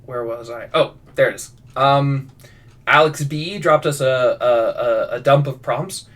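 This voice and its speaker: This man's medium-pitched voice is fairly bright and a little slow. He's a fiction writer live-streaming his writing, casually working through viewer prompts with lots of restarts and self-deprecating remarks. He sounds a bit distant from the microphone.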